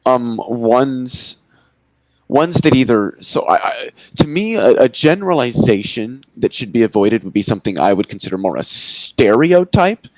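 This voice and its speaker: A man's voice: mid-range voice, big pitch swings, normal speed, no echo, poor audio. A man in a casual debate chat who hesitates and restarts, then turns blunt and swears.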